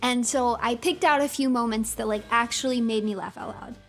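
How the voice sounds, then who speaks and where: A woman streamer in excitable, gushing livestream commentary, laughing often and using lots of fillers. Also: fairly high pitch, brisk, soft background music.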